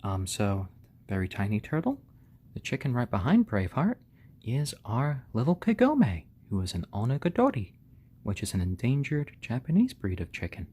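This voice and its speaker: A man hosting a casual live stream, talking gently and fondly to his baby chicks and thanking viewers. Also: medium pitch, wildly swooping pitch, moderate pace, husky. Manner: gentle, doting, talks softly to the chicks.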